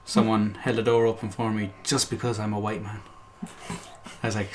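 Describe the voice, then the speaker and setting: A man's voice: fairly low pitch, flat delivery, moderate pace, slight background noise. A man co-hosting a casual podcast, joking dryly and teasing his co-hosts. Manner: dry joking, teasing interjections. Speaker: podcast co-host.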